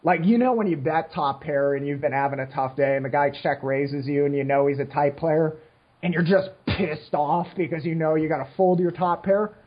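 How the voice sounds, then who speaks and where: A man's voice: fairly high pitch, moderate pace, breathy edge, lo-fi sound. A man in his late twenties on a casual podcast, ranting frankly and rambling with lots of restarts, short on sleep. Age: 20s. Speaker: podcast co-host. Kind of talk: casual rant.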